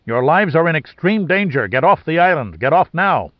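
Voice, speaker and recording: A man's voice: a little high, animated, normal speed, no echo, natural voice. A man reading the part of a stern, authoritative older admiral in a story, speaking in a clipped manner. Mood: urgent. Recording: dry, slightly dull lo-fi sound.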